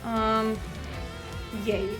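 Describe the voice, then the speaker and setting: A woman's voice: fairly high pitch, little pitch movement, very slow. A woman streamer chatting and joking casually as she plays through a game. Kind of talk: casual gameplay commentary. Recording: game music behind voice.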